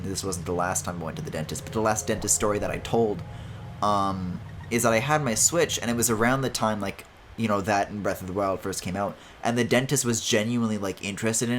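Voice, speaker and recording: A man's voice: on the low side, slight background noise. A man streaming a video game, chatting casually as he plays, swearing and laughing often. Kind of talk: casual let's-play commentary.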